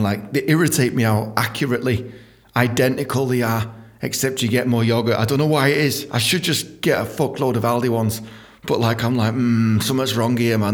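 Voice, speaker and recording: A man's voice: medium pitch, a bit bright. A male comedian, delivering a sweary, rambling comic monologue.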